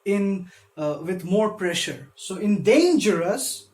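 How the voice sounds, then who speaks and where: A man's voice: sits high, lively intonation, measured pace, a little mellow. A man who gives a literature lecture, patiently explaining step by step and stressing syllables when he demonstrates them. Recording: echoey room.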